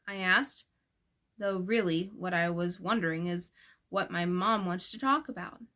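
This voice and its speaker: A woman narrating a first-person novel as an audiobook, gentle and expressive, changing her voice for the characters. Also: fairly low pitch, unhurried. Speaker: audiobook reader.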